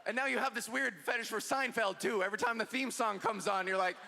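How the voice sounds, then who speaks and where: Fast, creaky and pushed, this trans woman's fairly high, bright voice drives a punchy, self-deprecating stand-up set before a live crowd. The echoey hall is full of audience noise and ambience, with a little hiss or hum.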